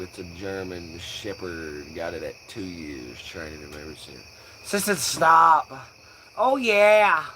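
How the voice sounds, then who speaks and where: A young man riffs on a casual live stream, loose and profane. His voice is bright and forward, and crickets chirp faintly in the dark outside. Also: low-pitched, slight background noise, poor audio. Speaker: livestream host.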